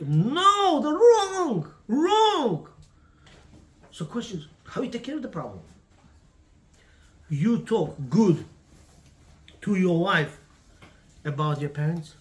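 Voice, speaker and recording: A man's voice: sits high, big pitch swings, slow, long pauses. A man teaching a class on marriage, preachy and emphatic, in broken English with lots of repetition. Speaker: religious teacher. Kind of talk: Torah class talk on marriage.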